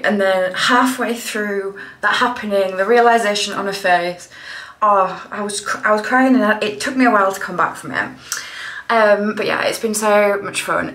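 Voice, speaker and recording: A woman's voice: medium pitch, a bit bright. A woman in her thirties from England, chatting casually to her phone camera in a vlog and laughing often as she talks. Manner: chatty, bubbly, laughs a lot mid-sentence. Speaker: vlogger. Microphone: handheld phone camera at arm's length.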